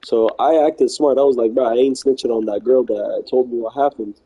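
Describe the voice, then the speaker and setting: A man with a very dark, mellow tone and a husky edge tells a story in a loose, slangy ramble. He keeps looping back with "I was like" and "she's like" as he acts out both sides of the talk. It sounds like casual chat on a live stream. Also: medium pitch, fairly even intonation, a little fast, highs cut off. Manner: rambling and slangy, repeating himself and quoting others.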